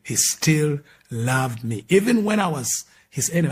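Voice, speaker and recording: A Ugandan man around fifty, an apostle, earnestly telling his conversion story as a sermon, shifting between loud declarations and hushed moments. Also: mid-range voice, big pitch swings, moderate pace, husky. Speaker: apostle giving his testimony. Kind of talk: preached personal testimony.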